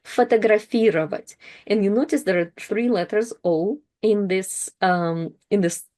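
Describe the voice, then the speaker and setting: Woman teacher walking through verbs, soft warm voice, says each word twice nice and slow. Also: medium pitch. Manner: patient, repeats words slowly for practice. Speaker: Russian language teacher. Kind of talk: language lesson explanation.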